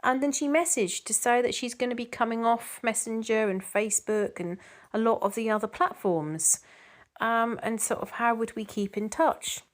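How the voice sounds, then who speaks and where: A woman's voice: on the high side, normal speed. A middle-aged woman chatting casually to camera as a vlogger, reading out viewer comments in a rambling way with frequent ums and restarts.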